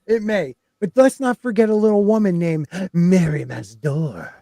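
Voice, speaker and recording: A man's voice: sits high, normal speed, vocal fry, warm tone, no room sound, clean studio sound. A man hosting a casual podcast chat, reading fan theories aloud with playful emphasis and laughing often.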